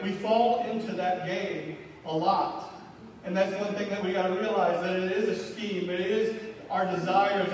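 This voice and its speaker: A high-voiced man preaches in a loose, conversational way, often tagging "right?" onto his lines. He sounds distant from the mic, with heavy hall reverb and a faint hiss behind him. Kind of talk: sermon. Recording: echoey hall from far off with faint noise.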